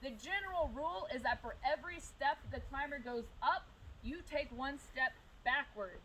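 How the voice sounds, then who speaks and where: A woman's voice: sits high, normal speed, fairly bright tone, slight background noise, poor audio. A woman instructing a group outdoors on belaying, explaining things plainly and step by step. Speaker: climbing instructor. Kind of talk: outdoor safety demonstration.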